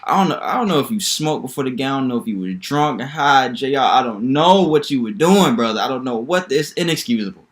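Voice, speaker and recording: A young man hosting a solo basketball commentary video, talking in an animated, incredulous, rambling way with lots of repetition. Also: medium pitch, brisk, hardly any pauses. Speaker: sports video host.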